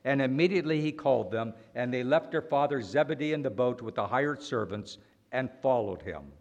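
A man preaching a sermon, slow and deliberate, swinging between loud emphatic lines and quiet ones. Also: medium pitch, lively intonation, creaky, muffled recording.

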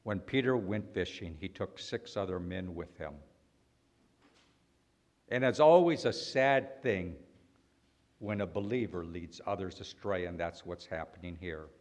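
A man preaching a sermon, slow and deliberate, swinging between loud emphatic lines and quiet ones. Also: sits low.

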